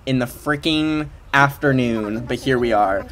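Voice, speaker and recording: A man livestreaming a game in casual chat, excitable and emotional, gushing over what he sees, at his desk at home. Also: medium pitch, a little slow. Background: faint game music.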